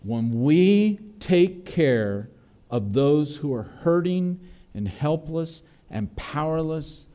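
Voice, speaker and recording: A man delivers an earnest sermon in a mellow, slightly high-pitched voice. He builds toward emphatic, raised peaks. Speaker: pastor.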